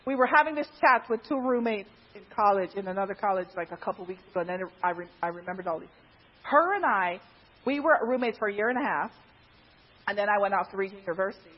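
A woman's voice: fast, slightly rough. A woman from Guyana casually telling a personal story in a chatty way, laughing often, on a dull lo-fi recording. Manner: chatty, laughs often, animated pitch jumps.

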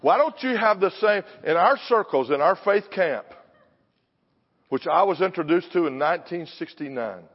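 Older preacher, fairly high, punchy. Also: male voice, expressive, normal speed. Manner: punchy, alliterative, confrontational preaching. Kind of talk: sermon. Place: church sanctuary. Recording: dull sound with long hall reverb.

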